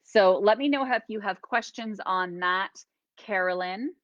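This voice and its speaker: A woman hosting a live-streamed oracle card reading, gently encouraging and guiding listeners through slow breathing. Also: mid-range voice, dry recording, highs cut off. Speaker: host and healer.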